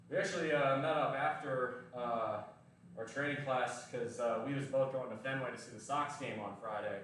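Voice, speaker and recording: A lifting vlogger with a mild Southern US accent chats casually while training at the gym, rambling, joking, and cursing. His voice is medium-pitched and a bit bright, picked up from far off in a very echoey room with a little hiss or hum.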